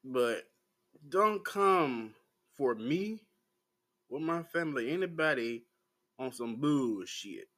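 A man in his forties with a Southern American accent, ranting bluntly and profanely to the camera in a slow, laid-back vlog. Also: mid-range voice, lively intonation, fairly bright tone. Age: 40s. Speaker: vlogger.

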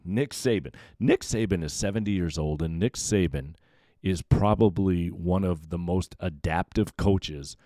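A man's voice: sits low, a little slow, dark tone, dry recording, studio quality. A man hosting a solo sports podcast, giving emphatic, opinionated commentary that sometimes stumbles over repeated words. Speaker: podcast host.

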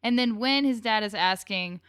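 A woman's voice: mid-range voice, moderate pace, fairly bright tone, clear, resonant tone, no room sound, clean studio sound. A woman guest chatting and joking while recapping a TV episode, reading from her notes. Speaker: guest co-host. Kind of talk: casual chat recapping a TV episode.

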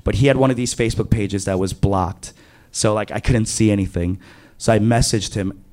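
A man in his thirties telling a candid, confessional true story on stage, animated in his retelling. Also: lowish voice, moderate pace. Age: 30s. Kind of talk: live true-story monologue.

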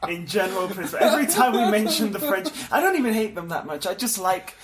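A young man from Mexico chatting casually as a podcast co-host, animated and laughing often. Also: high-pitched, quick pace, a loud crowd. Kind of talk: casual chat.

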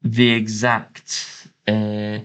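A podcast co-host with a fairly low, clear, resonant voice and a fairly bright tone speaks very slowly in a completely flat delivery. In casual banter he's joking and sceptical, chipping in comic asides and laughing at his own bits.

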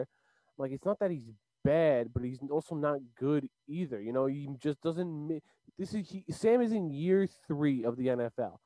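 A man's voice: on the high side, lively intonation, normal speed, darkish tone, no room sound, rough recording. A man co-hosting a sports podcast, giving blunt, emphatic opinions in casual talk.

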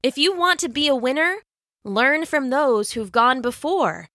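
A woman narrates a rhyming children's story in an expressive, sing-song voice. Her tone is bright and rather high, and her pitch swoops widely as she goes at a slow, careful pace. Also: dry recording, clean studio sound.

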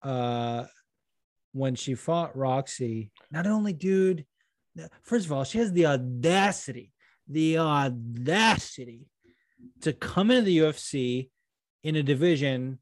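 A man's voice: a little high, animated, slow pace, dry recording. Male podcast co-host, loose and swearing, laughs a lot; dry close sound. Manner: profane, giggly, acts out voices in stories. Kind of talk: casual stoned chat.

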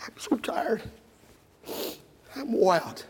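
A man voicing a weary, worn-out warrior king who speaks quietly and trails off. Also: very high-pitched, animated, slow pace, slightly rough, long reverb tail, full character voice. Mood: exhausted.

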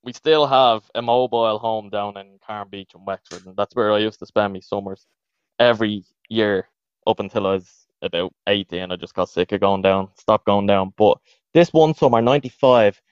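A man's voice: lowish voice, normal speed, clean tone, no echo, lo-fi sound. A man in his thirties with an Irish accent, a podcast co-host telling a long embarrassing story in casual chat. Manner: animated, laughing, slips into voices of others.

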